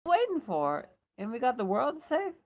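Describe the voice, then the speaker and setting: Brassy older lady bus driver in a novel reading, pitched up and loud, as the woman reader puts her on. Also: huge pitch swings, fast talker, exaggerated voice. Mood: gleeful.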